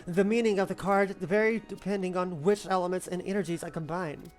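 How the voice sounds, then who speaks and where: A woman voicing a calm, world-weary witch in game dialogue, speaking in a subdued, measured way. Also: fairly low pitch, faint music behind, lightly acted. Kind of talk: reading game dialogue aloud.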